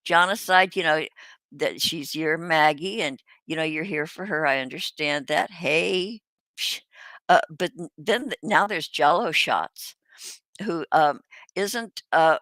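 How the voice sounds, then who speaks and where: An older woman hosting a casual livestream chat, rambling and halting with many fillers, restarts and the odd swear word. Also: low-pitched, sharp tone, no echo. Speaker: host.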